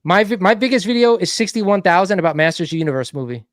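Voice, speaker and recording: Halting, higher-voiced man hosting a call-in. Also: dry recording, studio quality. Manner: mediating, calm, halting restarts. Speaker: host. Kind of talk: live online call-in discussion.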